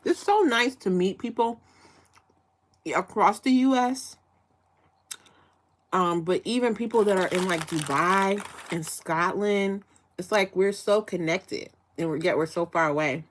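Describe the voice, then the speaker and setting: A woman's voice: medium pitch, measured pace, a little hiss or hum. A woman from Chicago hosting a casual live chat, asking rambling questions with frequent restarts and fillers. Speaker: livestream host.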